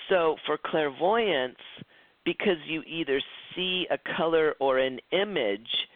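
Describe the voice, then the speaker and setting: A man's voice: fairly high pitch, animated, slow, no echo. Chatty man teaching over a tinny line. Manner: chatty, acts out quoted dialogue, frequent restarts. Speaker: psychic development instructor. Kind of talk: recorded class lecture. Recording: tinny phone-like lo-fi, dry.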